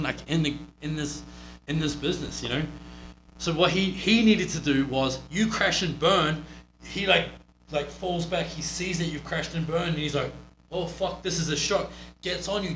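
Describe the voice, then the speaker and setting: A man's voice: fairly high pitch, normal speed, fairly bright tone. A man with a New Zealand accent, coaching a wrestler through a casual match review in a blunt, profane, rambling way. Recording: roomy with faint hum.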